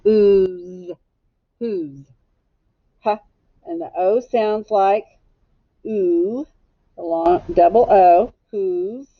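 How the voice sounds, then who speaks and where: A woman teacher leading a spelling lesson for young children, sounding out each letter slowly and deliberately. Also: mid-range voice, no room sound, dull audio.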